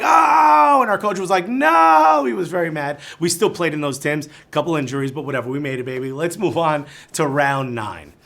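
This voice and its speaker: A Cuban American man hosting a live trivia game show, reading questions and cracking chatty jokes between them. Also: a little high.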